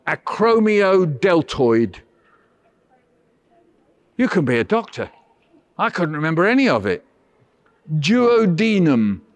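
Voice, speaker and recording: A man with a fairly high, slightly bright voice, heard on a dry recording, leads a school workshop for children over video call. He tells them playful stories and teases them in a theatrical, mock-huffy way.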